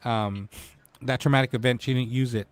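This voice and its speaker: A man's voice: medium pitch, fairly even intonation, brisk, no room sound. A man in his forties hosting a casual live-stream talk show, emotional and tearful as he speaks to his guest. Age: 40s.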